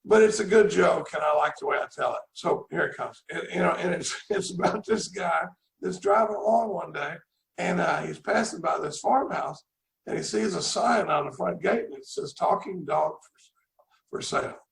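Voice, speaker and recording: A man's voice: high voice, moderate pace, creaky, echoey room, a little hiss or hum, rough recording. A middle-aged man giving a rambling, folksy recovery talk over a video call, often repeating his words. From Dallas, Texas. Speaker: recovery meeting speaker.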